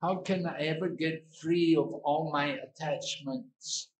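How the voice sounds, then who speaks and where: A man's voice: on the high side, fairly even intonation, slow pace. A man voicing an earnest young disciple who asks his master how to give up attachment. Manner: earnest, pleading questions. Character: puzzled young male disciple. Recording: echoey hall.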